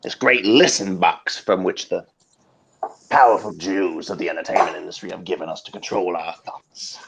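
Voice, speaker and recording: A man riffing in a grandiose, preacher-like comedic oration, drifting from hushed whispers to loud declaiming. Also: low voice, normal speed, vocal fry, slight background noise, low-quality recording. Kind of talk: improvised comedic mock oration.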